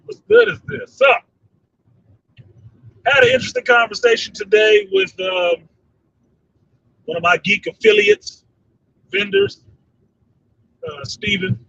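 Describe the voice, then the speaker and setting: A man hosting a casual fan chat show, reading viewer comments, animated, laughing often and swearing freely. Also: very high-pitched, slow, vocal fry, long pauses, dry recording. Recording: slightly distant dull mic with faint noise.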